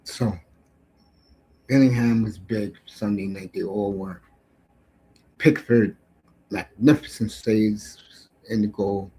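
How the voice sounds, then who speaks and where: A middle-aged man hosting a sports talk show, giving a brash, profane casual rant that swings between shouts and mutters. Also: lowish voice, fairly even intonation, slow pace, pauses often, low-quality recording.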